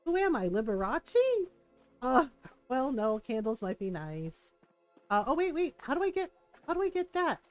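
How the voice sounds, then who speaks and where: A woman's voice: a little high, very animated, normal speed, lo-fi sound, faint music behind. A woman streaming a game live, bubbly and giggly, rambling and joking at her own expense. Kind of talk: live gameplay commentary.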